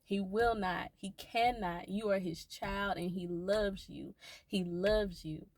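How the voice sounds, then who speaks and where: A woman's voice: mid-range voice, steady tone, slow pace, no echo. A woman talking earnestly to her viewers about faith, repeating reassuring phrases again and again. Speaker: faith vlogger. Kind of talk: encouraging faith talk to viewers.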